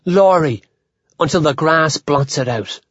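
A man narrating an audiobook with a lively, wide-ranging pitch, shifting voices for each character. The sound is close and dry, with a slightly dull, muffled tone. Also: a little slow, no echo. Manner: expressive, voicing many characters. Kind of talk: audiobook reading.

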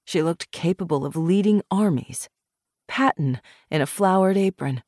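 A woman reading a novel aloud in measured, expressive scripted narration. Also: on the low side, dry recording, studio quality. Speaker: audiobook narrator.

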